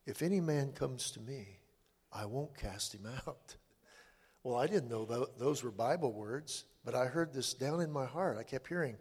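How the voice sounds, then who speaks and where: An older man telling his personal testimony in a halting, earnest way, with many restarts. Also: mid-range voice, expressive, a little mellow, husky. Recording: long hall reverb.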